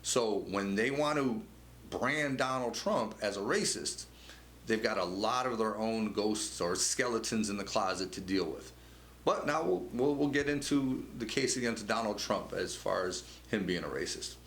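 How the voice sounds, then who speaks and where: A man's voice: lowish voice, expressive, normal speed, fairly bright tone. A man hosting a political commentary show, talking conversationally with frequent stammered restarts and repeated words. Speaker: show host. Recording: echoey room with faint noise.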